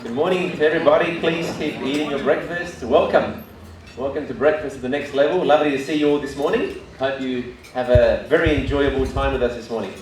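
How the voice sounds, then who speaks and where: A man's voice: medium pitch, brisk, background noise. Brief: middle-aged Aussie male host, live room talk, heard from a distance in a very echoey hall, faint ambience. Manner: chatty, tells jokes with quoted voices, frequent restarts. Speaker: breakfast event host. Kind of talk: live presentation to a seated audience.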